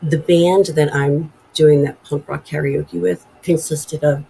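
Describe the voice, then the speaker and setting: A woman's voice: deep voice, fairly even intonation, a little slow, gravelly, dark tone, a little hiss or hum, low-quality recording. A woman in her forties hosting a casual live stream from home, rambling and chatty as she reads viewer comments aloud. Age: 40s. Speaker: livestream host.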